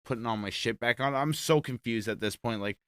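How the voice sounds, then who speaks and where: A man tells a story on a podcast with plenty of swearing and acted-out quotes. His voice is bright and clean. He sits at a middle pitch and keeps the story moving. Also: clean tone. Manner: profane, animated, quick retelling with acted quotes. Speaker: podcast host telling a story. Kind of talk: casual storytelling.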